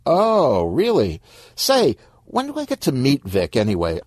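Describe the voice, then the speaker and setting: A man's voice: medium pitch, wildly swooping pitch, unhurried, a little mellow, no room sound, studio quality, pitched above the performer's own voice. A man voicing a meek male CEO who is flustered and hesitant, stammering as he talks.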